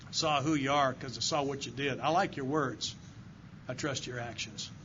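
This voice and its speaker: A man's voice: mid-range voice, moderate pace, a bit bright, slight background noise. An older man gives an earnest, heartfelt recovery talk straight to a meeting audience. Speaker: AA circuit speaker. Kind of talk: recovery testimony speech to a meeting. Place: meeting room before an audience. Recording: dull lo-fi live talk recording.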